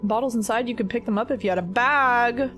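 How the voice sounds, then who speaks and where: This is a young woman casually streaming a video game playthrough. Her voice sits a little high, and she talks playfully, reading dialogue aloud with frequent laughs. Faint game music runs underneath. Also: a little fast, a bit bright.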